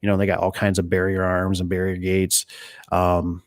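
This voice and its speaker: Low-voiced rambling man from Michigan. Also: monotone, normal speed, no echo, studio quality. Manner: rambling, storytelling, mimics voices in quotes. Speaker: door and gate installer hosting a live stream. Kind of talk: casual chat reading viewer comments.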